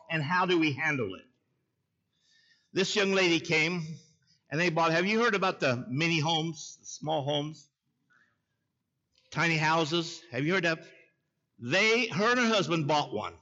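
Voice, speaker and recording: Bright-voiced preacher. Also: male voice, fairly high pitch, muffled recording. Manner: folksy, calls out to the congregation. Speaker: pastor. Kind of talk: sermon with storytelling.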